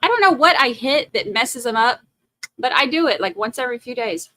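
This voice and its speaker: A woman hosts a trial stream, giving casual, playful live commentary on a close mic. Her voice is on the high side, animated and a little fast, pushed and bright, in a dry recording.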